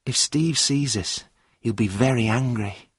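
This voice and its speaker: A man's voice: medium pitch, measured pace, slightly rough, no echo, clean studio sound. A man voicing an earnest young woman in a read-aloud story, speaking in a raised, careful voice.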